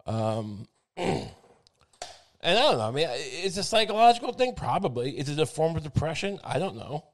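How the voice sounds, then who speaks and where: A man rambling through a comic monologue, self-mocking and profane, with frequent halting restarts. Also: on the high side, very animated.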